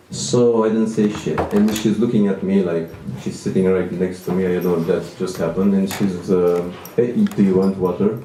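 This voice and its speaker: A man's voice: sits low, dark tone, recorded from a distance, slight background noise. Self-deprecating man doing stand-up. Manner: self-deprecating, rambling with restarts. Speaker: stand-up comedian. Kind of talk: stand-up comedy set. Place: small venue with audience. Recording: echoey room, mic from afar.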